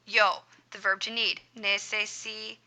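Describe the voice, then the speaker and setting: A woman runs a screen-recorded grammar lesson in a very bright, clear voice. She is upbeat and encouraging with her students, and she punctuates her steps with playful sound effects. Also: medium pitch, little pitch movement, unhurried. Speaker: Spanish teacher.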